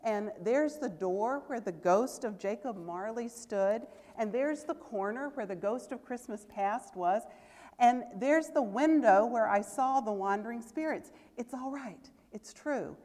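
A woman's voice: on the high side, animated, a little slow, a little mellow, big-room sound. A woman voicing an elated, giddy old miser man who talks in breathless exclamations, read aloud in a church service.

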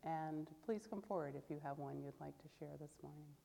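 A woman leading a church service, reading a story aloud with expressive delivery, then speaking gently to the congregation. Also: sits low, brisk, gravelly, big-room sound, a little hiss or hum. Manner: expressive, animated reading that turns soft and gentle. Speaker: service leader.

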